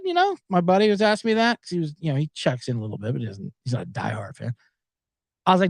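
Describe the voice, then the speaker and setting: Animated, rambling podcast host. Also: male voice, a little high, racing, creaky, no echo, studio quality. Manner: rambling, profane, animated storyteller. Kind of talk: casual storytelling monologue.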